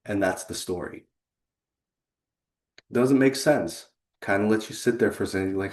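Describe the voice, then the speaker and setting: Earnest man presenting, low voice. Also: a little mellow, reverberant. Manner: earnest and conversational, with pauses for effect. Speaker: leadership consultant and presenter. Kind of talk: presentation to a remote audience.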